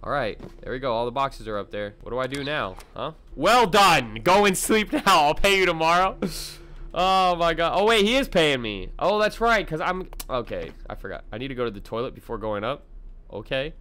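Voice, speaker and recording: A young man doing gaming commentary to his chat, loud, excitable, slangy and quick to laugh. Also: mid-range voice, a little hiss or hum. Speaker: gaming YouTuber. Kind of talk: let's-play commentary.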